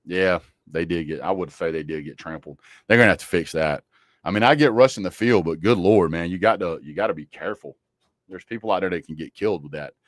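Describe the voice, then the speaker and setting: Man, lowish voice, dry close sound, casual football livestream host, blunt joking trash talk. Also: a little fast, no room sound.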